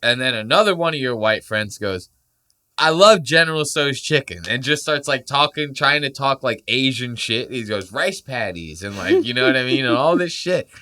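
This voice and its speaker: This podcast host, of Puerto Rican background, talks at normal speed with a mid-range voice and few pauses. He's jokey and animated, cursing freely and voicing the people he quotes.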